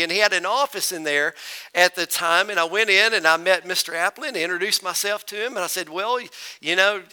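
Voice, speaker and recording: A man's voice: sits high, pushed and bright, clear, resonant tone. A man preaching to his congregation, telling a folksy story and calling them folks and y'all. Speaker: pastor. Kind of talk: storytelling sermon. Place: church.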